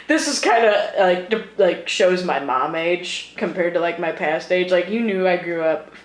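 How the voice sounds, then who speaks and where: A woman's voice: fairly low pitch, animated, a little slow. A woman in her thirties co-hosting a casual podcast, chatty and laughing, with lots of swearing. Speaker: podcast co-host. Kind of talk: casual chat. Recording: echoey room with faint noise.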